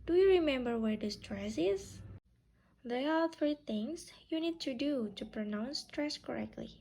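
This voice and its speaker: A young woman giving a class presentation as a student, speaking in a slow, drawn-out teaching manner. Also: high-pitched, expressive, gravelly, warm tone, slightly rough, low-quality recording.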